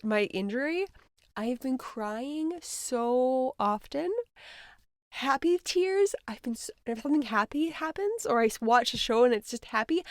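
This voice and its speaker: A woman hosting a spiritual healing podcast, talking in a rambling, earnest way and often trailing off into soft murmurs. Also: a little high, no room sound, clean studio sound. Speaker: podcast host, energy healer. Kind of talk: casual spiritual podcast monologue.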